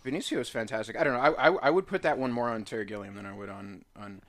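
A man's voice: medium pitch, fast. A man co-hosting a podcast in casual chat, argumentative and profane. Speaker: podcast co-host.

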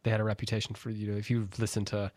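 A man hosts a casual book club podcast and guides the talk along. His manner is relaxed and easy. The sound is dry and close. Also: on the low side, racing, no echo. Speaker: podcast host.

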